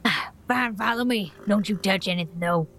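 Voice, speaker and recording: A woman's voice: medium pitch, normal speed, a bit bright, a little hiss or hum, close to an everyday voice. A woman voicing a wary older male farmer with a thick Southern accent, curt and suspicious. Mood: gruff.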